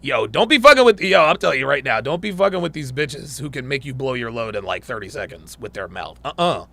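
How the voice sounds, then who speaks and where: A man's voice: medium pitch, sing-song, brisk, creaky, sharp tone. A man hosting a live stream, reading viewer comments and answering with crude, joking banter. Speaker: livestream host reading chat. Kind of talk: casual livestream chat.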